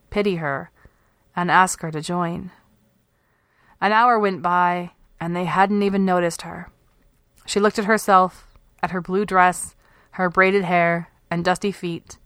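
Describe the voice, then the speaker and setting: A woman hosting a podcast, reading a literary short story aloud in a measured, unhurried way. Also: lowish voice, a bit bright, dry recording, clean studio sound. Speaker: podcast host and story reader.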